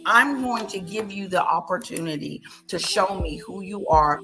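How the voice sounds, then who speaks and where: A woman's voice: medium pitch, lively intonation, moderate pace, a bit bright, faint music behind, low-quality recording. A woman hosting a live stream, giving casual commentary and repeating her points for emphasis.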